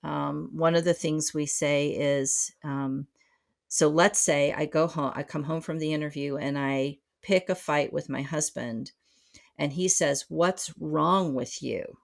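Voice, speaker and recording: Low, gravelly-voiced woman therapist. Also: steady tone, a little slow. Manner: reflective, many fillers and restarts. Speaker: psychotherapist guest. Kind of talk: conversational podcast interview.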